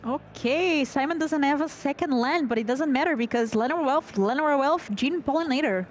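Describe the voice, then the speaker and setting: A woman's voice: sits high, brisk. A woman co-commentating a card game match in a chatty, playful way, narrating the plays. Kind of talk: live esports commentary. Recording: faint background noise.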